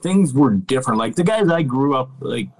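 A man's voice: mid-range voice, animated, moderate pace, a little mellow, low-quality recording. A middle-aged man, a podcast guest, casually telling stories, laid-back, swearing freely and laughing as he goes. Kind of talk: casual storytelling.

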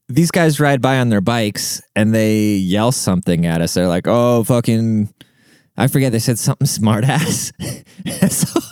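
A man's voice: mid-range voice, a little mellow, dry recording, studio quality. A young man who grew up in Germany, casually telling a rambling, profane childhood story and laughing often. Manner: rambling, profane, laughs through his stories.

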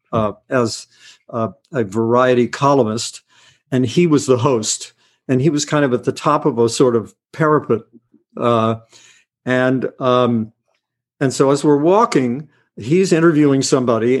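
An older man leans into a long anecdote as an interview guest, his voice sitting in an ordinary middle range. He hesitates often, restarting phrases and filling gaps with uhs. He pokes gentle fun at himself as he goes. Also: medium pitch. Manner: hesitant, full of uh and restarts, self-mocking. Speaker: guest actor. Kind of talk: relaxed anecdotal storytelling.

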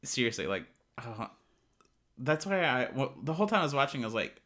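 A man co-hosting a casual podcast, blunt and dry, often trailing off quietly. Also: mid-range voice, sing-song, a little fast. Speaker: podcast co-host. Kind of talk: casual chat.

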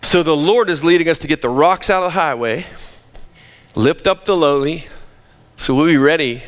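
A man's voice: a little high, moderate pace, pauses often. A man preaching a sermon as pastor, emphatic with joking asides, in a church sanctuary. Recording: long reverb of a large hall.

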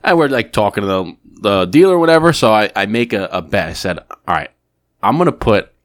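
Fast-talking, profane male podcast co-host. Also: fairly low pitch. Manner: profane, animated storyteller. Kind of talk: casual storytelling chat.

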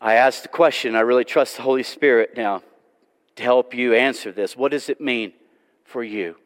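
A man preaching a sermon in a church, earnest and pleading, his delivery swinging from loud to hushed. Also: medium pitch, normal speed. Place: church sanctuary. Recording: long church reverb.

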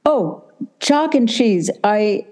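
An older woman, an actress, telling lively stories as a guest in a casual interview, laughing easily as she talks. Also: medium pitch, slow. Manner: animated, chatty, laughs easily.

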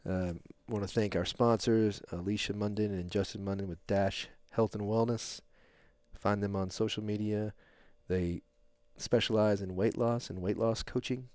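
Low-voiced man telling a rambling story. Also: moderate pace, dry recording. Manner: rambling, animated storyteller with frequent fillers and laughs. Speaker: podcast host. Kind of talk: casual storytelling chat.

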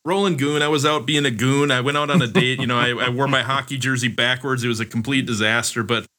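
A man's voice: medium pitch, fast talker, sharp tone. A man co-hosting a podcast in casual chat, a rambling storyteller with a wry, self-mocking manner. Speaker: podcast co-host.

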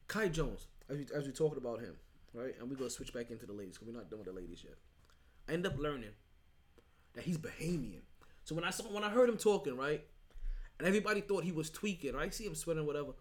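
A man's voice: on the high side, lively intonation, fast. A man hosting a sports podcast solo, talking casually and emphatically, rambling with restarts and asking "right?" often. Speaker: podcast host.

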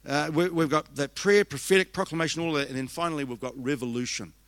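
This pastor is an older man with a New Zealand accent whose voice sits on the high side, a bit bright and smooth, and moves fast with no echo. Delivering a conference sermon, he tells stories full of restarts and laughter.

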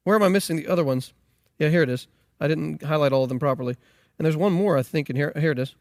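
A man's voice: fairly high pitch, fast talker, dry recording, studio quality. A man preaching a sermon on scripture, emphatic and incredulous, with frequent restarts. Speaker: pastor.

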